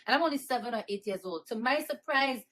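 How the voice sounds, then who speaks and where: A woman's voice: fairly high pitch, animated, quick pace, fairly bright tone, poor audio. Earnest New woman telling a story. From New York. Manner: earnest, emotional retelling with rising, pleading cries. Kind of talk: personal storytime monologue.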